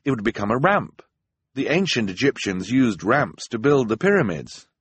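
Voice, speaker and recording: A man's voice: mid-range voice, big pitch swings, normal speed, slightly rough, dry recording. A man voicing an earnest, bookish teenage boy in an audiobook, explaining things. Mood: thoughtful. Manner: earnest, explaining, slightly raised. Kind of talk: audiobook narration.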